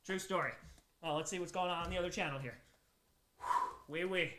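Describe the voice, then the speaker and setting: Here a fairly high-pitched man speaks at a moderate pace, his tone pushed and bright, with reverb and faint hiss or hum behind him. Worn out from being awake all day on a charity stream, he thanks donors one by one, veering between hype and weary mumbling.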